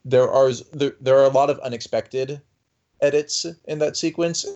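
A man's voice: mid-range voice, steady tone, normal speed, warm tone, highs cut off. A man in a casual critical discussion, talking earnestly and emphatically with many filler words. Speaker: podcast panelist.

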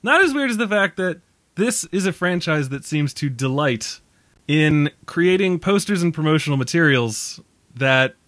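Man, podcast co-host, joking and rambling, tired, slightly high voice, dry sound. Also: animated, moderate pace, fairly bright tone, no room sound. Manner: jokey, rambling, laughs often. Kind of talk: casual movie podcast chat.

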